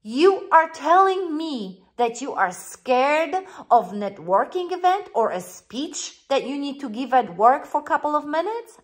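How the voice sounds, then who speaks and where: A life coach whose first language isn't English gives an earnest, encouraging motivational monologue straight to camera for her viewers. Her voice sits high with big pitch swings, and she talks a little slowly with hardly any pauses.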